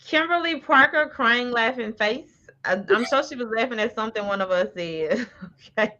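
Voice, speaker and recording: A woman's voice: a little high, animated, moderate pace, pushed and bright, lo-fi sound. A woman hosting a casual livestream, reading viewer comments aloud with frequent laughter and terms like honey and baby. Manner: laughs often, calls people honey and baby. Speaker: livestream host.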